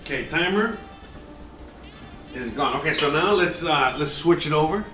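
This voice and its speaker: A man's voice: on the high side, lively intonation, moderate pace, over music. A man, a former chef, hosting a casual live cooking stream from a kitchen, rambling and joking with lots of filler words. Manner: rambling, filler-heavy, jokey. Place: home kitchen. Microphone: distant from the mic. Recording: roomy, distant, noisy home recording.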